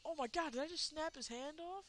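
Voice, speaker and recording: A woman giving let's play commentary, excitable, laughing and shrieking, cursing at the game. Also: high voice, a little fast, slight background noise. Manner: swears and exclaims at the game. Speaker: gameplay commentator.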